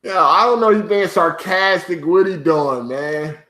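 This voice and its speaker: Gaming YouTuber, male, high tense voice, mocking rant, roomy echo. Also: a little slow, sharp tone. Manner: profane, mocking, keeps breaking into laughter. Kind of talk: ranting commentary to viewers.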